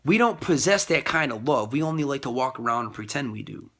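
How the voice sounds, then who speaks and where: A man giving a rambling casual monologue about faith and love, repeating himself and jumping high in pitch when he quotes others. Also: expressive, fairly quick, fairly bright tone.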